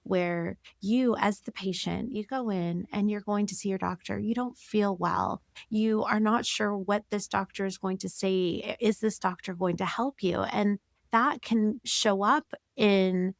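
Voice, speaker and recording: A woman's voice: mid-range voice, measured pace, creaky, few pauses, no echo. A woman physician hosts a conversational interview in a mid-range voice. The recording is dry and close. She reflects on her guest's points and builds long, careful questions. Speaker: physician host.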